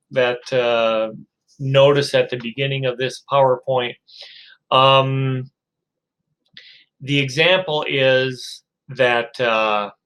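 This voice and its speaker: A male professor giving a recorded lecture, telling a story in a relaxed, hesitant way with many fillers. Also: mid-range voice, rough recording.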